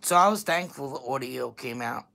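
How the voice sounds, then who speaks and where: A woman's voice: a bass voice, animated, brisk, creaky, pushed and bright. A woman with a New York accent, chatting casually as a podcast host in a playful, joking way. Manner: playful, jokey, laughs often. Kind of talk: casual chat.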